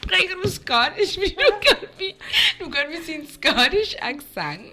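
A young woman, a native Danish speaker, co-hosting a podcast, playful and quick to laugh, switching between Danish and English. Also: very high voice, sing-song, bright, forceful tone, slight background noise. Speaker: podcast co-host. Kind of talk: casual bilingual chat.

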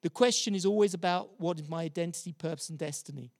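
High-voiced man preaching a sermon. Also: fast talker, a little mellow. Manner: storytelling, with many restarts and repeated words.

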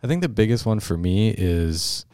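A young man with a very low, deep voice co-hosts a podcast, rambling along with plenty of "like"s. The sound is dry and close. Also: expressive, normal speed, darkish tone, no room sound. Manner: rambling, lots of fillers like "like". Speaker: podcast co-host. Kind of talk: casual chat.

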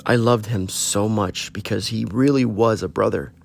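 Speaking at normal speed in a low, creaky voice, a man rambles through an earnest personal talk encouraging people to contact their friends. Soft guitar music can be heard underneath.

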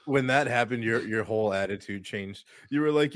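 A man on a podcast retells a conversation, jumping between voices with animated energy. His pitch sits in the middle range, and the sound is dry and close. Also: moderate pace, few pauses, no room sound. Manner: animated storyteller acting out both sides of a conversation. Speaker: podcast co-host. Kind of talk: casual chat.

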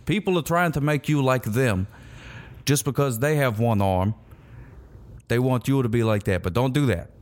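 A man's voice: mid-range voice, moderate pace, pauses often, a little mellow. A man hosting a comedy radio show, rambling goofily and giving mock-serious advice. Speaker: host.

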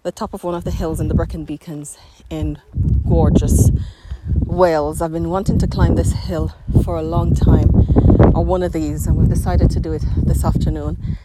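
A woman's voice: low-pitched, flat delivery, moderate pace. A woman hosting a reflective spoken monologue outdoors, slightly out of breath, earnest and searching as she restarts her phrases. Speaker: podcast host. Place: outdoors on a windy hilltop. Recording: loud wind noise outdoors. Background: wind noise.

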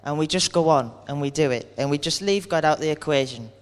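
Earnest preacher in a reverberant hall. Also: male voice, fairly high pitch, fairly quick, smooth. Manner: earnest, candid, acts out everyday complaints. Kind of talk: conversational sermon.

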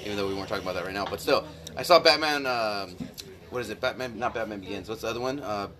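Bright, quick male podcast co-host, animated and jokey. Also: on the low side. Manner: fast joking banter with swearing and laughter. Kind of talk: casual chat over beers.

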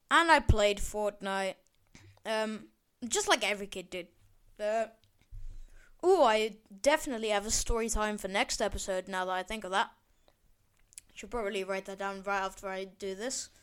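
A woman's voice: mid-range voice, a bit bright, clean tone. A teenage girl hosting her own podcast, rambling and sarcastic, swearing and backtracking as she rants. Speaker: podcast host. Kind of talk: casual solo podcast rant.

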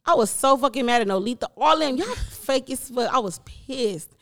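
A woman's voice: high voice, lively intonation, moderate pace. A young woman, telling stories in casual chat with a blunt, profane manner. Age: young adult.

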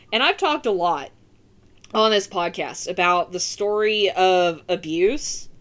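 A woman hosting a podcast, ranting casually and swearing freely as she gives her opinions. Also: medium pitch. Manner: profane, animated ranting. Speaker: podcast host.

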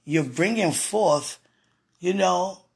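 A woman's voice: fairly low pitch, slow, creaky, slightly rough. A woman hosting a podcast, telling personal stories in a chatty way, laughing often and speaking about her faith. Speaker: podcast host. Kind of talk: casual personal storytelling.

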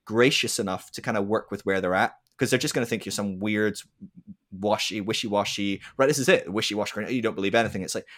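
Animated man telling stories in conversation. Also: lowish voice, fast talker. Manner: animated, acts out quoted voices, frequent restarts and "right?". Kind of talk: casual conversational storytelling.

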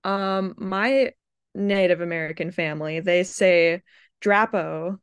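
Woman guest, hesitant casual chat, slow delivery, dry close sound. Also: fairly low pitch, clear, resonant tone, no echo. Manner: hesitant, with many fillers and laughs. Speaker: guest artist.

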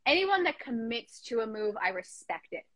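Chatty woman host, bright voice. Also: a little high, big pitch swings, normal speed. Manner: chatty, heavy use of "like". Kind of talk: casual interview chat.

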